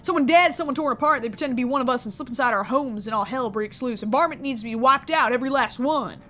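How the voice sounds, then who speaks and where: A woman voicing a weathered old male wanderer in a game, with a folksy, rough way of talking. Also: high voice, fast talker, a bit bright. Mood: gruff.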